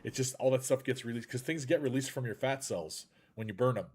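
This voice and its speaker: A man's voice: mid-range voice, fairly quick, breathy edge. A man hosting a casual live chat show over a video call, joking and rambling, sounding a little congested. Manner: lively, jokey, rambling. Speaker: podcast host.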